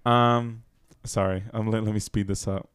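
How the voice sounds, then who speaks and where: A young man with a lowish voice talks loosely in a casual podcast chat, full of fillers and quick apologies. The sound is dry and close, with no room around it. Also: little pitch movement, a bit bright, clean tone, no room sound. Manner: rambling, filler-heavy, apologetic, laughs often. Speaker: podcast co-host.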